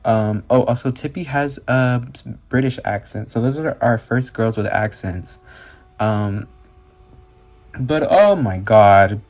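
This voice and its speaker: A man chatting in a casual vlog, gushing over his subject with breathless excitement, filler words and offhand swearing. His voice sits at an ordinary middle pitch, with faint music playing softly underneath. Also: slow pace. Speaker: doll collector and reviewer.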